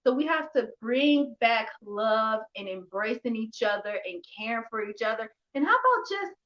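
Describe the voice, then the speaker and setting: A woman's voice: on the high side, fairly even intonation, normal speed. A woman hosting a casual talk show chat, affirming her guest and often asking "right?". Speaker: host. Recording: dull, lo-fi sound.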